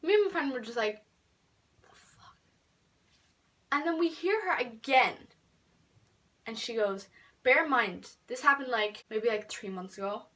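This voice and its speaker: A teenage girl telling a story in a casual vlog, chatty and full of fillers, dropping to whispers and then bursting out loud. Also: a little high, expressive, moderate pace, far from the mic. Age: teens. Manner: chatty, filler-heavy, swings between whispered asides and loud outbursts. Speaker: vlogger.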